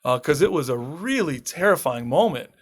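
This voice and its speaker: A man's voice: a little high, moderate pace. A man telling a dramatic personal story as a podcast guest, acting out the lines of the people in it and laughing often. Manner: lively anecdote teller who acts out quoted lines, laughs often. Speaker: guest, permaculture farmer and author. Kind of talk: animated storytelling in a podcast interview.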